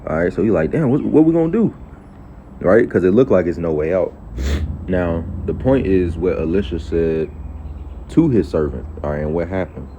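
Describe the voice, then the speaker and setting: A man with a deep, mellow voice reads scripture aloud and then unpacks it in casual street-level talk, tagging his points with "okay" and "all right." The recording sounds muffled and lo-fi. Faint vehicle noise hums underneath. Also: normal speed. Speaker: preacher. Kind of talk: casual Bible teaching. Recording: dull lo-fi audio with faint traffic noise.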